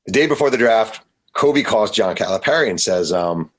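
A man, an author guest on a radio show, telling stories in an animated way and often acting out quotes. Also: fairly low pitch. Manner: animated, quick to act out quotes. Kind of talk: storytelling in a radio interview.

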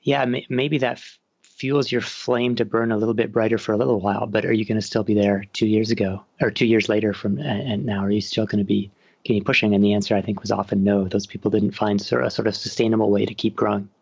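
A man's voice: fairly low pitch, level tone, quick pace, creaky, darkish tone, breathy edge, no room sound. A man with a Canadian accent, an author talking casually in an interview, often restarting his sentences. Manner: chatty, self-interrupting with restarts. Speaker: author guest. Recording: dull dry sound.

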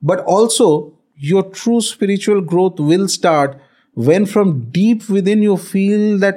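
Speaking slowly in a high voice with lively intonation and a dark tone, a middle-aged Indian-accented man tells a story to convey spiritual ideas. He's a guest spiritual author in a storytelling podcast conversation, and his talk is dotted with fillers and Hindi words.

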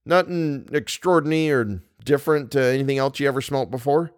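A man voicing an uneasy backwoods Canadian guide with rough, folksy speech that sinks to a fearful hush. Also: medium pitch, a little fast, no room sound, studio quality, pitched above the performer's own voice, natural voice.

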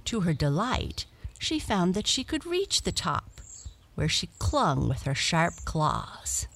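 A woman gently reading a children's bedtime story aloud as the storyteller. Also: lowish voice, sing-song, vocal fry. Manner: gentle and measured.

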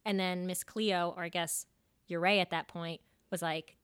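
A woman's voice: on the low side, fairly even intonation, normal speed, a bit bright, clean tone, dry recording, studio quality. A young woman co-hosting a podcast in casual chat, adding jokey comments and retelling stories. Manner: casual, jokey interjections, talks about astrology. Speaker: podcast co-host.

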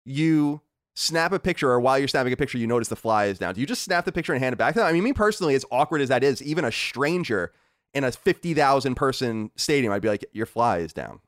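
A man's voice: medium pitch, fast, dry recording, clean studio sound. A man hosting a casual podcast chat, arguing his points with energy and reading out listener mail. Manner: animated, argumentative, reads listener mail. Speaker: podcast host.

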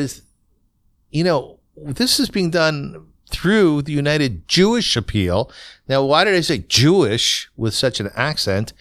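Middle-aged male host, smooth clear voice, chatty blunt storyteller, dry close mic. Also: medium pitch, a bit bright, dry recording. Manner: conversational storyteller, frequent fillers and restarts, blunt. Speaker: podcast host telling his own story. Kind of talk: solo podcast monologue.

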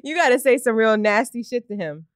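A woman co-hosting a casual podcast, talking in an animated way, swearing and laughing often. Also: fairly high pitch, a little fast, no room sound, studio quality. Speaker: podcast co-host. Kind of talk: casual chat.

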